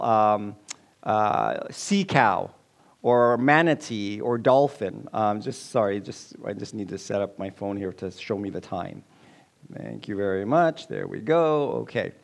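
A man preaching a sermon to his congregation, emphatic and repeating key lines for weight. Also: on the high side. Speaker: pastor.

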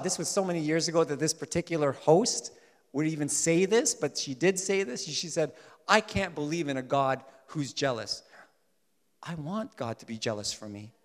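A man preaching a sermon in an animated way, swinging between loud emphasis and soft asides. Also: on the high side, normal speed. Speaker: pastor. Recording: long hall reverb.

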